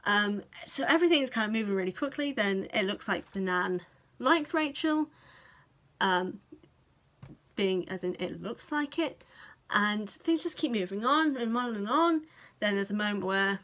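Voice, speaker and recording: A young British woman giving a casual film review to camera, chatty and animated, swearing freely and acting out the characters' reactions. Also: mid-range voice, unhurried. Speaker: vlogger.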